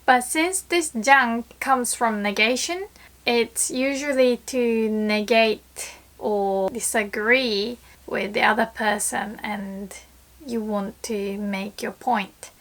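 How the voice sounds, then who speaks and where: Lively young woman teaching Japanese phrases. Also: on the high side, takes it slowly. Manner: lively, acts out example phrases. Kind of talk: casual explanatory lesson.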